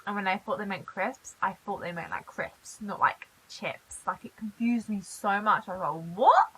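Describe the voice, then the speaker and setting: A British woman from the UK chatting in a casual vlog, animated and quick to laugh. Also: mid-range voice, slightly rough, low-quality recording. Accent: British English. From United Kingdom. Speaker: YouTuber.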